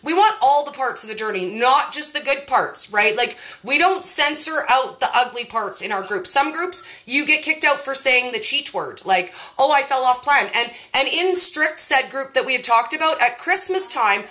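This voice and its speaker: A woman's voice: high voice, expressive, moderate pace, hardly any pauses, sharp tone. A woman in her forties hosting a casual chat, telling stories in a chatty, self-mocking way and saying "like" a lot. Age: 40s. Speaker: host running a keto support group.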